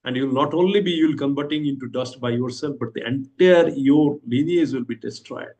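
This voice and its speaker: A noble old vulture king speaks with a raised, earnest urgency, voiced by an Indian-accented man. The voice sits at an ordinary middle pitch for a man, told as part of a scripture class. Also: normal speed, a little mellow, lightly acted, rough recording. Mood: stern warning.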